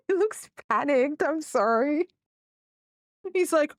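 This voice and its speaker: A woman's voice: high-pitched, animated, slow pace, pauses often, no room sound, studio quality. A young woman chatting casually with her viewers during a live gameplay stream, rambling and upbeat. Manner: chatty and rambling, talking to chat.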